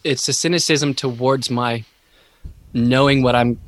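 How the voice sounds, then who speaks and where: A man talking slowly and haltingly in a reflective podcast conversation, searching for his words. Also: medium pitch, steady tone.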